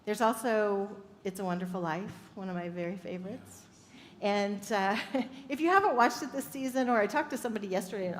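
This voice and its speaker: A woman minister gives an upbeat sermon in a church sanctuary, telling stories and laughing often. Her voice is medium-pitched and fairly quick. The hall sounds echoey, with faint ambience.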